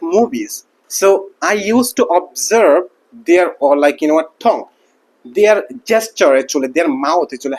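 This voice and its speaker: A man who did not grow up speaking English, talking casually to camera as a teacher and packing his speech with fillers like "like" and "you know what". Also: a little high. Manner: rambling, heavy use of like and you know what. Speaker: English teacher and channel host.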